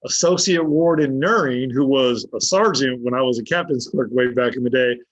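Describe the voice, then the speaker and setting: A blunt man swears freely as he tells a long story and acts out each quoted line. His voice sits in a middle pitch and sounds dull and muffled. The recording is dry, with no room sound. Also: moderate pace, no echo. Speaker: podcast guest. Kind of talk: casual storytelling.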